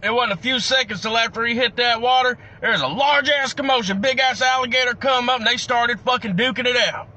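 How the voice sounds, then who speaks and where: A man's voice: very high-pitched, sharp tone, dull audio. A man telling a long, crude joke in a casual storytelling way. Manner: profane, drawn-out storytelling. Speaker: joke teller.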